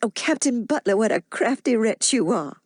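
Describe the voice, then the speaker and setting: A woman voicing a gentle young wife and mother who speaks earnestly and gets flustered easily, pitched a bit above her own voice. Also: moderate pace, no room sound, clean studio sound, lightly acted.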